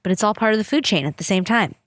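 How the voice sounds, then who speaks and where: A woman's voice: mid-range voice, lively intonation, very fast, no room sound. A young woman hosting a podcast, telling stories in a chatty, rambling way, swearing freely and acting out the people she quotes. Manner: acts out quoted people in big voices. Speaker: podcast host. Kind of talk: casual storytelling chat.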